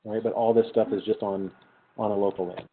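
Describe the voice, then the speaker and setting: A man's voice: fairly low pitch, flat delivery, a little fast, a little hiss or hum. A middle-aged man giving a conversational university lecture, quizzing his students with questions and then answering them himself. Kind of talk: classroom lecture. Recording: tinny lo-fi lecture capture.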